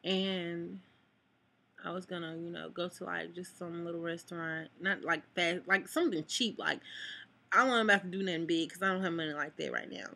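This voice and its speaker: A woman's voice: on the low side, steady tone, brisk, vocal fry, pushed and bright. A young woman talking to her camera in a personal vlog, rambling and full of "like", close to tears at times. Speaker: vlogger. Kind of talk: emotional personal vlog talk. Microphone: camera mic.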